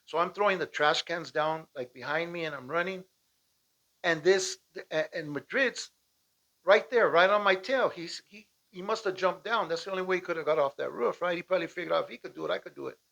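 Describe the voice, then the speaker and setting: A man from Southern California telling a personal story in a casual, animated way, often asking "right?" and acting out shouted lines. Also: high voice, fairly quick, gravelly, highs cut off. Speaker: storyteller recounting a personal escape. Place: at home with dogs nearby.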